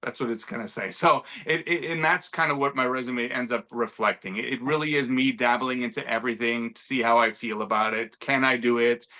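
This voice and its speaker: A man's voice: medium pitch, steady tone, a little fast, hardly any pauses, bright, forceful tone. A middle-aged man from Montreal, an actor chatting as an interview guest, self-deprecating and full of restarts. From Montreal, Canada. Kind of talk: casual interview conversation.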